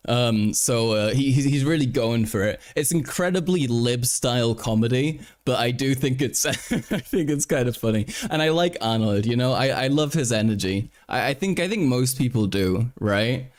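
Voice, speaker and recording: A man's voice: medium pitch, expressive, normal speed. A young man hosting a live stream in casual chat, rambling, swearing, and restarting his sentences while reading headlines aloud. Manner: rambling, profane, frequent restarts. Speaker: livestream host.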